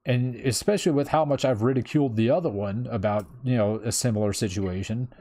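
A man's voice: mid-range voice, fairly quick, dark tone. A man in his thirties telling a personal story in casual chat, rambling with lots of fillers and swearing freely. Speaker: streamer.

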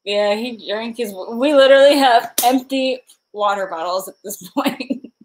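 A woman's voice: fairly high pitch, a little slow, a little hiss or hum, poor audio. A woman hosting a casual livestream, giggling constantly and slap-happy tired. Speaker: livestream host.

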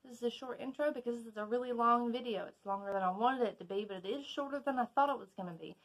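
A woman's voice: on the high side, fast talker. Southern woman, chatty book vlogger, gushes over each item, casual unboxing in her bedroom. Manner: chatty, excitable, gushing. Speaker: book YouTuber. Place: bedroom at home.

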